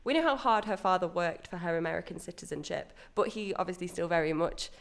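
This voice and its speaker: A woman's voice: on the low side, quick pace. A woman co-hosting a podcast, chatting casually and enthusiastically about a theatre show she saw. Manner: chatty, enthusiastic, self-correcting. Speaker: podcast co-host reviewing a musical. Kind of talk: casual review chat.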